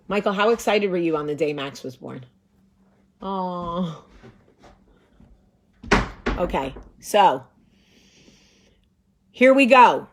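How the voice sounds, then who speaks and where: A woman in her forties, the host, telling a story in a lively, sarcastic way and acting out the voices of the people in it. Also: lowish voice, normal speed, long pauses. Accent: New Jersey. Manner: animated, sarcastic, acts out voices. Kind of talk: casual storytelling.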